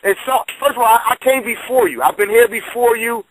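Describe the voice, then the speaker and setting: A man's voice: very high-pitched, lively intonation, brisk, fairly bright tone, rough recording. A man, a battle rapper, in a heated radio argument, confrontational and stammering over his repeats.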